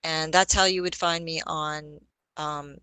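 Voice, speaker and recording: A woman's voice: low-pitched, fairly even intonation, a little slow, bright, forceful tone, clean tone, dry recording, low-quality recording. A woman guesting on a podcast, telling about her music in a chatty way, often laughing and spelling names out. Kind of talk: casual podcast chat.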